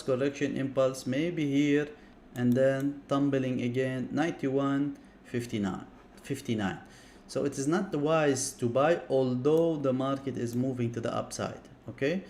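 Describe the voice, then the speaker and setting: A man's voice: mid-range voice, a little mellow, slight background noise. Man livestreaming chart analysis, repeating himself. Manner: repeats words in quick bursts; chatty, apologetic asides to viewers. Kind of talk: live chart analysis to viewers.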